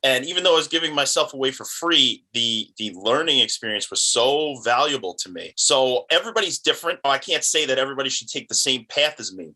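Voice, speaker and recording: Animated storytelling man, bright voice. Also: medium pitch, poor audio. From New York. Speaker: guest, independent film producer. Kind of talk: casual interview chat.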